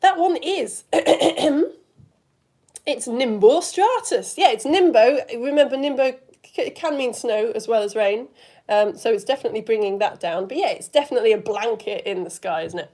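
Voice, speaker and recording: A chatty, enthusiastic woman runs a live online science lesson and keeps quizzing her viewers. Her voice sits fairly high and swoops up and down with lots of expression. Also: lively intonation, moderate pace, darkish tone. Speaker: science teacher.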